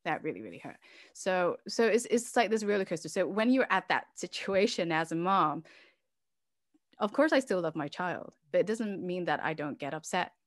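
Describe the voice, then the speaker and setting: A middle-aged woman sharing a personal story in an interview, speaking candidly and with feeling. Her voice sits fairly low for a woman. The sound is dry and close, with no room around it. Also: expressive, moderate pace, dry recording. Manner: candid and emotional, with many fillers and restarts. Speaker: interview guest, organization founder.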